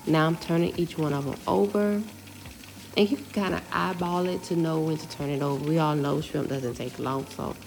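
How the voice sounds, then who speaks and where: A middle-aged woman casually talking through her home cooking step by step, relaxed and chatty. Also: lowish voice, vocal fry. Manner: relaxed, step-by-step explaining with fillers.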